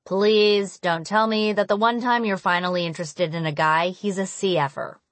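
A woman's voice: medium pitch, steady tone, moderate pace, no room sound, close to an everyday voice. A woman voicing a teasing teenage boy who ribs his friend. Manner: teasing, wry. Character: teasing young man, a teen best friend. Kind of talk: audiobook character reading.

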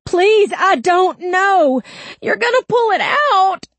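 A woman's voice: lowish voice, animated, slow, darkish tone, no room sound. A snarling crude young male suspect, as a woman reads him. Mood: pained screaming. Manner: snarling and crude, turning whiny and panicked when hurt. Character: angry sneering young male suspect under interrogation.

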